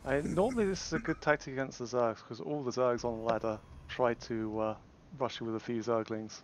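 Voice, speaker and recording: A man's voice: medium pitch, fairly quick, slight background noise. A man with an English accent casting a game tournament casually, hesitant, with many fillers and restarts. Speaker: tournament caster.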